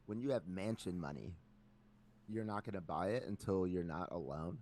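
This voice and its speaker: A man's voice: low-pitched, normal speed, a little mellow, slight background noise. A man hosting a casual podcast, joking around and reading out questions with pointed follow-ups. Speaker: podcast host.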